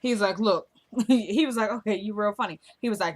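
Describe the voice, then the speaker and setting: A woman's voice: mid-range voice, brisk. A woman chatting casually in a vlog, recapping a TV episode and acting out the characters' lines as she goes. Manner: retells scenes acting out both characters' lines; animated and chatty, addresses viewers as y'all. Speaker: TV show reviewer.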